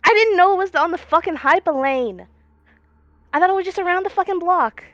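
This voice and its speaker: A woman's voice: very high voice, brisk, fairly bright tone, dry recording, dull audio, pitched above the performer's own voice. A woman voicing a blunt, sarcastic, foul-mouthed young mechanic in a tabletop game. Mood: irritated. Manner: blunt, swears a lot, sarcastic.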